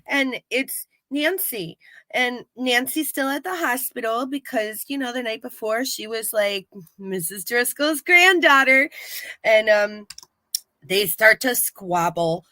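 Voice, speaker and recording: A woman co-hosting a casual live-stream, retelling an episode in animated fashion and acting out quotes. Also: fairly high pitch, takes it slowly, dry recording. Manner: animated storyteller, acts out quotes. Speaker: podcast co-host recapping a TV episode. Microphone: live-stream setup.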